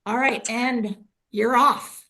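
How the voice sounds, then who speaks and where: A woman podcast host who reads a guest's bio in a measured way, then chats eagerly. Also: fairly high pitch, fairly even intonation, pushed and bright. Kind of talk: reading a guest bio, then casual chat.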